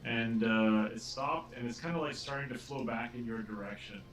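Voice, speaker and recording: A man running a tabletop game as game master, narrating in a halting way full of filler sounds. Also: medium pitch, fairly bright tone, faint music behind. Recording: roomy, distant from the mic.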